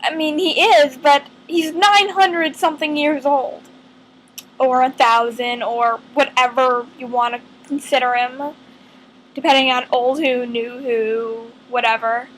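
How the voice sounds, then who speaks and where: A woman talks to her camera in an unhurried, meandering way, working out her thoughts as she goes. Her voice sits high, and she takes her time, pausing often between ideas. She sounds earnest throughout. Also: fairly even intonation, a bit bright, a little hiss or hum, poor audio. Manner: earnest, rambling, thinks aloud with many pauses. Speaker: vlogger. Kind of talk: casual fan chat to camera.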